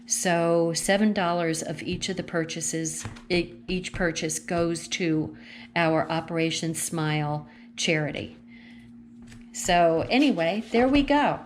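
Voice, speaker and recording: A woman with a lowish voice talks slowly and chattily, gushing over each page of a craft catalog as she thinks aloud. She sounds relaxed and unscripted, recorded at home with a faint hiss of noise behind her. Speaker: consultant showing a craft catalog. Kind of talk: casual catalog walkthrough vlog.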